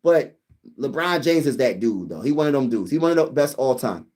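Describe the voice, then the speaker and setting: A young man hosting a casual sports livestream, reading comments aloud and chatting excitedly with viewers. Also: medium pitch, brisk. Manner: excitable, talks to viewers as "y'all", sings snippets.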